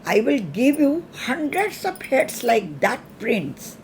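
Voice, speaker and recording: Lady telling a story, doing a demon king, quiet but angry, bragging, goes up high. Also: very animated, slow pace, slight background noise, full character voice. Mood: soft angry boasting. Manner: soft-spoken with boastful threats.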